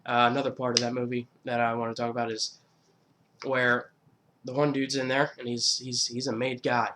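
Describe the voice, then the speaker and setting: Male YouTuber, casual, mid-pitched, rambling and foul-mouthed, countdown host. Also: little pitch movement, moderate pace, sharp tone, a little hiss or hum. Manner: rambling, profane, fillers and restarts.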